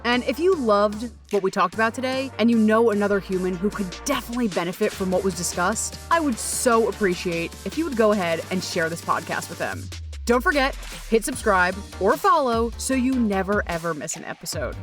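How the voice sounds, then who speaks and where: A woman hosting her own podcast in a casual solo talk, gushing and animated, acting out little inner voices and swearing casually. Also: mid-range voice, a little fast, soft background music. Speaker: podcast host.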